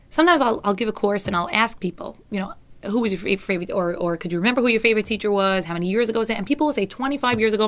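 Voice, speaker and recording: Woman, middle-aged parenting coach, earnest and steady, mid-pitched voice. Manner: earnest, acts out teacher voices in quotes. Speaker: parenting educator. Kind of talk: talk to parents.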